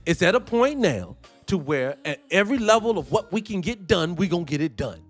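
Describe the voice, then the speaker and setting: Heated guy w/ aave on his commentary stream, high voice swinging all over, cusses a lot. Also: sing-song, a little fast, soft background music. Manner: heated, profane, preaching cadence. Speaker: commentary show host. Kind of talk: live-stream commentary with viewer shout-outs.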